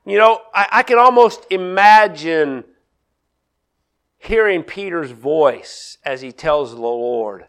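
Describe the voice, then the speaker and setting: A middle-aged male pastor preaching a sermon, acting out quoted lines with big swings in loudness. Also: high-pitched, expressive, unhurried.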